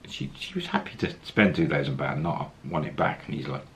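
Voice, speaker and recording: A man's voice: rumbling low, sing-song, brisk, vocal fry, fairly bright tone, slight background noise. A man casually telling a travel story, acting out the quoted lines as he goes. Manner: anecdotal, acts out quoted lines, chuckles.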